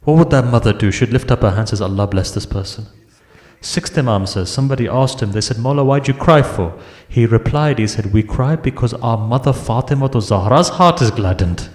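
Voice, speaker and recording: A male preacher delivers an emotional mourning sermon in a large prayer hall. His voice sits at an ordinary middle pitch and swells into impassioned, wailing delivery. The hall's echo rings around every phrase. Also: fairly quick, a little mellow. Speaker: majlis speaker. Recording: echoey hall.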